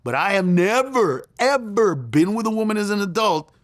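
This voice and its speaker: Man, middle-aged, comedian, lively storytelling, acts out quotes, dry studio. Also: high voice, normal speed, dry recording. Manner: acts out quoted lines in raised voice, laughs through story. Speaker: comedian guest. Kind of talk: animated storytelling in conversation.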